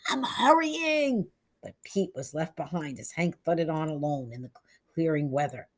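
A woman reading a short story aloud in a measured, hushed storytelling manner. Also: deep voice. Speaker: narrator.

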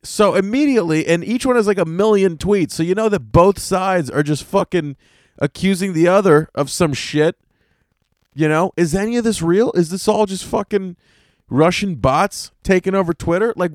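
A man's voice: sits high, no room sound, clean studio sound. A man hosting a solo podcast, talking in a casual, rambling and exasperated way, full of swearing. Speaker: podcast host.

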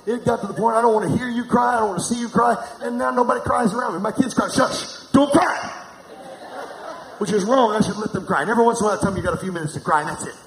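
A man's voice: sits high, very fast, few pauses. A middle-aged man preaching a sermon, calling on the congregation to answer back. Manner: preaching with call-and-response to the congregation. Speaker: pastor. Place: large church hall. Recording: echoey church hall with noise.

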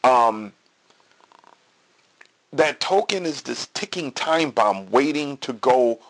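Gravelly, lively-voiced man hosting a podcast. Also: mid-range voice, slow pace. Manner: storytelling with quoted dialogue, repeats and restarts. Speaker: podcast host. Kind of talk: casual political monologue.

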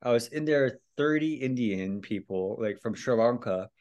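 Young man, podcast guest, casual storytelling, swearing, laughing, mid-pitched voice. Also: moderate pace. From Hawaii. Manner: animated, laughing, swears often, acts out quotes.

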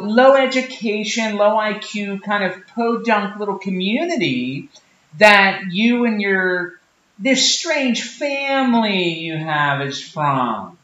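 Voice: mid-range voice, fairly bright tone. A performer playing a smug, preachy podcast producer from Portland, in a roomy, dull lo-fi recording. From Portland, Oregon. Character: condescending big-city podcast producer from Portland.

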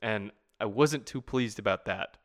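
A man in casual conversation about a film, excitable and laughing often, quoting lines from the movie. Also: lowish voice, unhurried. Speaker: movie fan discussing a film. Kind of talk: casual chat.

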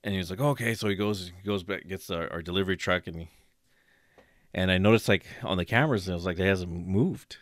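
A man casually telling a workplace story on a podcast, acting out quotes loudly with bursts of laughter. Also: low voice, fairly quick, dry recording, studio quality. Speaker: podcast co-host.

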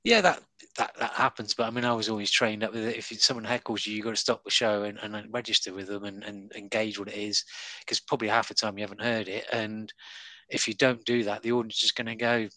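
Bright-voiced comedian, rambling and chuckling. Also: male voice, fairly low pitch, level tone, fast talker, dry recording. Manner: rambling, chuckling, many fillers and restarts. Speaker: stand-up comedian, guest. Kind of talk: casual interview chat. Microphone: online call app.

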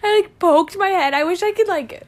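A woman's voice: very high voice, normal speed. A woman co-hosting a podcast, chatting casually and telling stories with lots of giggling. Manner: giggly, animated storytelling with frequent laughter. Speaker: podcast co-host. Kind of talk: casual chat.

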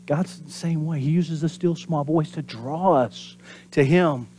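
A pastor delivering a sermon in an animated preaching manner. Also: male voice, a little high, measured pace, a little hiss or hum. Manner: animated preaching, acts out voices and drops to whispers for emphasis.

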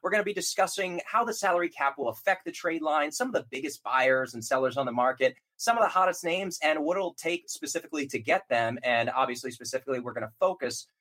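A man's voice: on the high side, fast talker, hardly any pauses, fairly bright tone. A man hosting a basketball podcast, chatty and upbeat, introducing his guest. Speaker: podcast host. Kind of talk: casual sports podcast chat.

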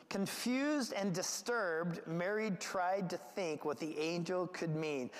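A man preaching a sermon as pastor, talking in a conversational, animated way with asides and restarts. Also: high voice, takes it slowly, few pauses, big-room sound. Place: church gathering.

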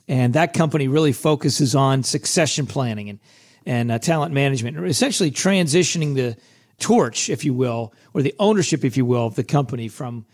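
Hoarse, chatty male podcast host. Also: on the high side, darkish tone. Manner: chatty and self-deprecating, upbeat. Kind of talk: casual solo podcast talk.

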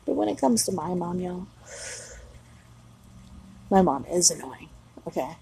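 Woman, 30s, mom vlogging outside at night; profane, blunt rambler with a low, gravelly voice. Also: big pitch swings, unhurried, mellow, slight background noise, poor audio. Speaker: mother of young children. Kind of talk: casual solo vlog monologue. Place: outdoors at night.

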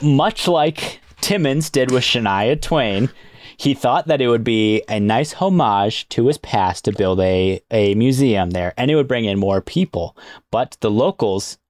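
A man's voice: mid-range voice, expressive, unhurried, a little mellow, no room sound. A man co-hosting a podcast, telling a story in a casual, joking way and laughing mid-sentence.

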